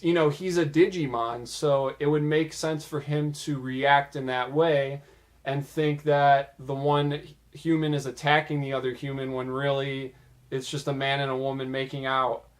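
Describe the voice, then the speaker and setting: A young man hosting a casual cartoon commentary video. His voice sits a bit high, and he rambles with easy, filler-heavy chat. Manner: chatty, filler-heavy, relaxed. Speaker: video host.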